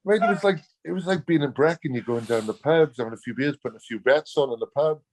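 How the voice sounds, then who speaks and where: A man's voice: fairly high pitch, fast talker, darkish tone, slight background noise. A Welsh man, a former rugby player, telling stories as a guest in a casual, blunt way, laughing often. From Wales. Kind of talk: casual storytelling.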